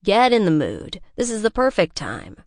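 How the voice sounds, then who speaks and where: A woman narrator voicing an earnest young man who presses and persuades, with slightly raised pitch. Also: huge pitch swings, normal speed, dry recording, clean studio sound. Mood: urging.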